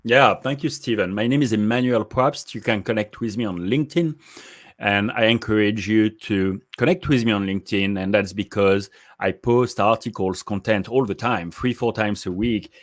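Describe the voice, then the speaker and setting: Low-voiced, measured interview guest. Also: male voice, no echo, clean studio sound. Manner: measured, articulate, explanatory. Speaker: guest, market research executive. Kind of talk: interview answers.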